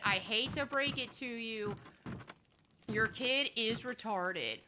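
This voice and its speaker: High-voiced woman streamer, noisy mic. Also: slow pace. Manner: chatty, exasperated, talks to chat. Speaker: game streamer. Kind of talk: casual let's-play commentary.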